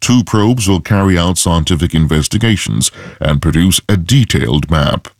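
Man, newsreader, very deep voice, formal scripted bulletin, dry studio sound. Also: animated, no echo. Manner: measured, formal delivery. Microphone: close studio mic.

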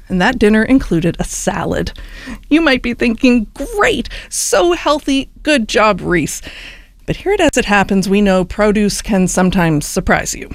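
A woman's voice: mid-range voice, no room sound, clean studio sound. A woman radio host reading a light news story with a wry, playful delivery. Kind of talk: scripted radio news item.

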